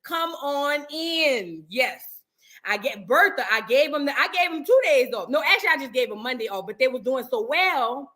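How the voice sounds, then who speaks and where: A woman chatting casually about celebrity gossip as host of her channel, sassy and animated, sometimes breaking into sung bits. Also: high-pitched, moderate pace.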